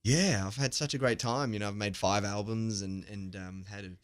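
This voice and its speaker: A man's voice: lowish voice, steady tone, moderate pace, smooth. A young Australian man, a singer guesting in a radio studio, chatting easily with lots of "you know" and frequent laughs. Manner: easygoing, laughs often, fillers like "you know". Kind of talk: casual radio interview chat.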